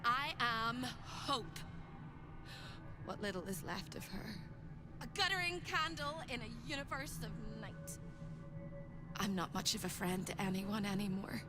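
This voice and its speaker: A woman's voice: fairly high pitch, animated, a little slow, long pauses. An actress voicing a fragile, haunted spirit woman held captive, whispery and pleading, in a video game. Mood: wistful. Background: game music.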